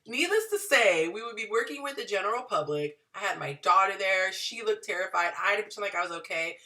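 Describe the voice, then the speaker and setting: Chatty, bright-voiced woman telling a story. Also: mid-range voice, quick pace, distant mic. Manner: chatty, animated, addresses viewers directly. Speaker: dating and relationship advice vlogger. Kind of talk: casual storytelling to viewers.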